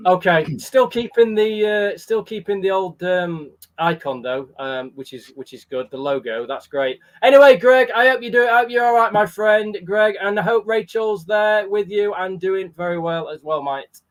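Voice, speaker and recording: A man's voice: high voice, normal speed, hardly any pauses. A man hosting a charity livestream in a casual, chatty way, greeting viewers by name. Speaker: livestream host.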